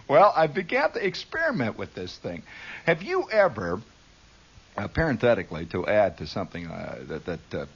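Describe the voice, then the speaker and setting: A middle-aged man spinning a rambling radio monologue, digressive and animated, breaking into laughing asides and sudden shouts. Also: fairly low pitch, moderate pace, long pauses, breathy edge. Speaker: radio storyteller. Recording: dull lo-fi 1960s radio broadcast.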